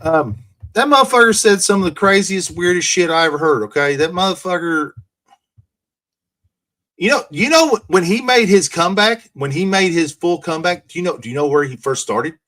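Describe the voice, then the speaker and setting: A man's voice: sits high, animated, fairly quick, fairly bright tone. A man in casual voice-call chat, telling rambling, profane stories.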